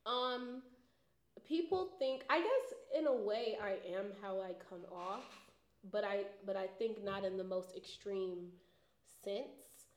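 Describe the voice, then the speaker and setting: A woman's voice: mid-range voice, takes it slowly. A young woman talking animatedly in a casual panel discussion, laughing often and mimicking voices. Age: young adult. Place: garage. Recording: echoey garage room.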